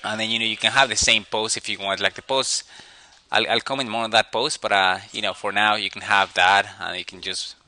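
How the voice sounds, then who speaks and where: A man giving an animation critique, thinking aloud as he draws and pausing often on fillers. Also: fairly low pitch, fairly even intonation, sharp tone, low-quality recording. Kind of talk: portfolio critique while drawing.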